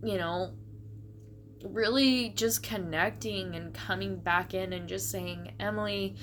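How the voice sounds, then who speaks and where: A young adult woman in a personal, reflective monologue, speaking in a halting, emotional way and close to tears. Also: medium pitch, fairly even intonation, fairly bright tone, a little hiss or hum. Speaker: vlogger.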